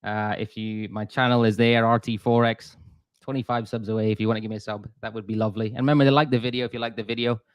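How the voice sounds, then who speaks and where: A man's voice: on the low side, little pitch movement, fast talker, smooth, dry recording. A man talking casually on a live trading stream, chatty and self-deprecating, full of restarts and asides to viewers. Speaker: forex trader streamer.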